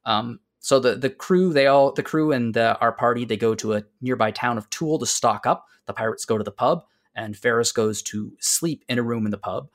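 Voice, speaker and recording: A man hosting a casual podcast, recapping a game's story with lots of fillers and restarts, dropping to quiet asides. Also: medium pitch, normal speed, few pauses. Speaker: podcast host.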